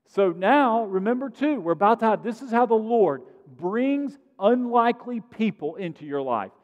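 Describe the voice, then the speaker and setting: A man preaching a sermon in a conversational style, growing loud on points of emphasis, in a large church sanctuary. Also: high-pitched, animated, normal speed, dull audio. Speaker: pastor. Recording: long sanctuary reverb.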